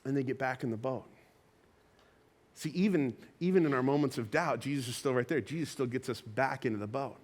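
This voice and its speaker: A man preaching a conversational sermon, telling a Bible story with lively acted-out quotes. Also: medium pitch, fairly quick. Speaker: pastor. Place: church auditorium.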